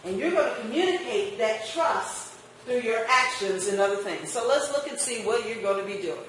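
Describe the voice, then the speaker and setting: Female instructor, lively classroom lecture, distant mic, heavy room echo, faint background hiss. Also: fairly high pitch, normal speed. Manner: lively, questions the class and acts out customer exchanges. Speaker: marketing instructor. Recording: echoey room picked up from a distance.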